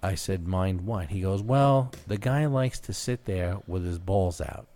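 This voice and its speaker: A man's voice: low voice, unhurried, mellow. A man co-hosting a podcast, telling a wild work story in casual chat, profane and laughing as it builds. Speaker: podcast co-host.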